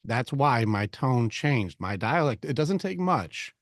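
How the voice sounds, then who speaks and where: Speaking slowly in a medium-pitched voice, the host of a men's group talk gives casual coaching laced with frequent swearing. He's animated and voices the people he quotes, and the clean studio sound has no room tone.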